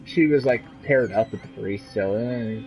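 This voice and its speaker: A man's voice: on the low side, normal speed, darkish tone, soft background music, rough recording. A man giving profane, sarcastic commentary while streaming a game.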